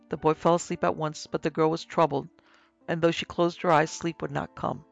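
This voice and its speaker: Man, horror story narration, gravelly, flat even delivery, faint music. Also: fairly high pitch, a little fast.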